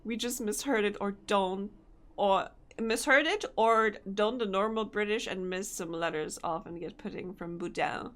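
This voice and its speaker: A woman's voice: mid-range voice, normal speed, fairly bright tone. A young woman, chatting casually with her live-stream audience, giggly and chatty. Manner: giggly, chatty, reacting to chat.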